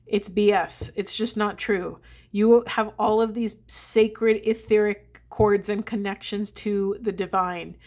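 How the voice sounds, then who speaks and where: A woman giving a spiritual tarot reading to her viewers, speaking in a slow, meditative and emotional way, with sighs between thoughts. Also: medium pitch, fairly even intonation, a little mellow. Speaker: tarot card reader.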